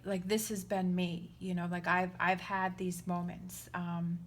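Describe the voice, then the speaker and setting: A woman's voice: on the low side, flat delivery, unhurried. A woman giving a casual spoken tarot reading, earnest and reassuring, often checking in with the listener. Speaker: tarot reader.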